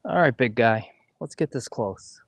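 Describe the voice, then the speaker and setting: A man's voice: mid-range voice, animated, unhurried, no echo. A man co-hosting a golf livestream, casually chatting and explaining course details while playing outdoors.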